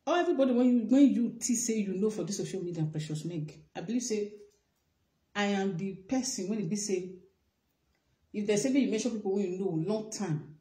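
A woman with a Nigerian Pidgin English accent delivers a direct-to-camera rant, repeating herself for emphasis as she addresses someone. Her voice is mellow and on the dark side. The sound carries a roomy echo. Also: medium pitch, a little fast. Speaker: vlogger.

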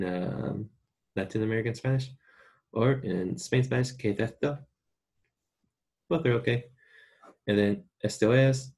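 Gravelly-voiced man teaching Spanish online. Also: lowish voice, a little mellow. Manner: casual, chatty, talks straight to students. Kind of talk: recorded online lesson.

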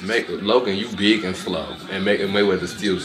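A man giving sassy, animated reaction commentary on fight highlights, full of exclamations and sudden squealed outbursts. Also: moderate pace, echoey room, background noise. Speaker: reaction video host.

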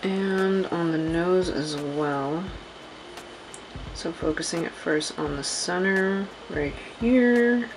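Chatty young woman, low voice, soft music. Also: takes it slowly, low-quality recording. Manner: chatty, apologetic, talks to viewers as girl and y'all. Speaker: beauty vlogger. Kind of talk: casual makeup tutorial.

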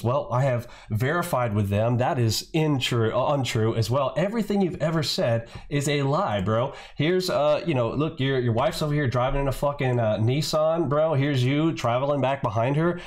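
A man hosting a trading channel, delivering an angry, profane reaction rant that mocks and insults, often tacking on "bro". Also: medium pitch. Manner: profane, mocking, repeats "bro".

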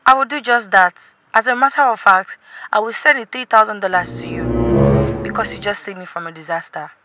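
A woman acting in a comedy sketch, soft-spoken and flirty. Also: mid-range voice, normal speed. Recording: loud music under the dialogue.

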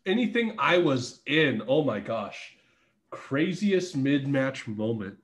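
A man guesting on a podcast, telling a story in a casual, animated way, with lots of swearing and acted-out quotes. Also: medium pitch, slow. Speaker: podcast guest, former wrestler.

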